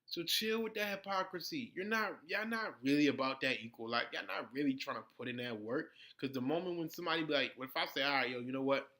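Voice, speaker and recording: A man's voice: fairly high pitch, quick pace, few pauses, sharp tone. A man hosting a casual vlog, ranting bluntly in slangy, profane talk. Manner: heated during the rant, laid-back in the sign-off. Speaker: vlog host.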